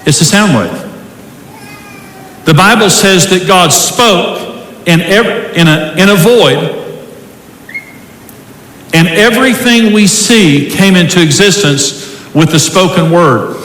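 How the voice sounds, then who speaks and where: A man's voice: high-pitched, takes it slowly, pauses often, a bit bright. A middle-aged man preaching a sermon with an emphatic, preacherly delivery, quoting scripture to a large church hall. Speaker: pastor. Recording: echoey hall recording with faint ambience.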